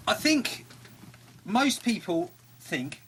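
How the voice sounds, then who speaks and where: A man's voice: high voice, big pitch swings, extremely slow, fairly bright tone, husky. A man co-hosting a radio show, cheeky and jokey in his banter. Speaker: radio co-host. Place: radio studio.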